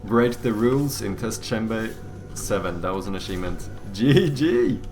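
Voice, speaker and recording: A man's voice: lowish voice, moderate pace, darkish tone, faint music behind. A man livestreaming himself playing games, chatting casually, swearing often and laughing at himself. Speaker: streamer. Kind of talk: live gameplay commentary.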